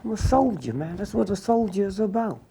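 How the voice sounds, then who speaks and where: A man's voice: high voice, lively intonation, a little fast, mellow, a little hiss or hum. An older man telling stories in a candid interview, blunt and profane, often tossing in a questioning "huh?". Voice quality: gravelly. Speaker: interview guest.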